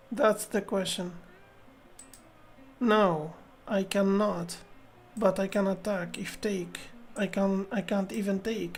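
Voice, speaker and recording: Woman chess streamer, slow and halting, talks under her breath to herself. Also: mid-range voice, fairly even intonation, a little mellow, a little hiss or hum. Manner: muttering to herself, repeating phrases, halting. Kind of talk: thinking aloud while playing chess.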